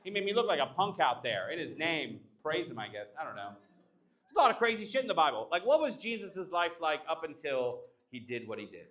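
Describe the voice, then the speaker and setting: Brash, animated young male comedian. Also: fairly high pitch, brisk. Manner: brash, crowd-teasing, animated. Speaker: stand-up comedian. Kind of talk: live stand-up set with crowd work. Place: live comedy show at an art exhibition.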